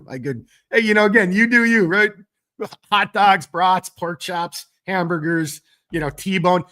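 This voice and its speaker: A man's voice: high voice, expressive, a little slow, pushed and bright. Chatty man on a live stream, fighting a cold. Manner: rambling, loose and chatty, with frequent fillers and mild cursing. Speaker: gear company owner hosting a live stream. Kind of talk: casual live-stream chat, reading viewer comments.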